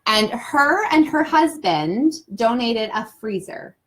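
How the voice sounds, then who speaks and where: A woman's voice: a little high, lively intonation, slow pace, a bit bright. A young adult woman talking as a guest on a casual live stream, talkative, rambling and heartfelt.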